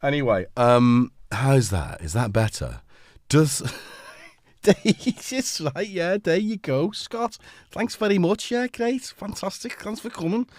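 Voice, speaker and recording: A man's voice: on the high side, big pitch swings, slow, darkish tone, no room sound. A man with a Liverpool-tinged British accent, full of cold, chatting and rambling on a casual live stream from his home studio. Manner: chatty, rambling, self-mocking. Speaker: livestream host.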